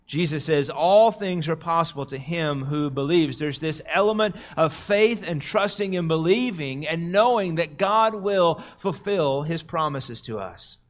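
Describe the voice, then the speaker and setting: A middle-aged male pastor delivering a sermon in a somewhat high voice. He talks earnestly, eases into slow, hushed tones for quoted prayer and scripture, then climbs in pitch and loudness to drive a point home. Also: expressive. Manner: rises in pitch and volume when stressing a point.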